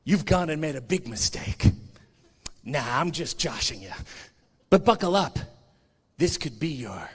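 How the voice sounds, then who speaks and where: A man doing a comic impression of a brooding male wrestler, speaking low and slow with mock menace. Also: animated, a bit bright, husky, exaggerated voice. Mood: mock menacing.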